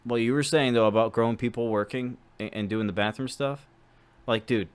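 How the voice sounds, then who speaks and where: A man's voice: mid-range voice, normal speed, a little hiss or hum. A young man co-hosting a casual podcast chat, rambling and jokey, with lots of "like" fillers. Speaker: podcast co-host.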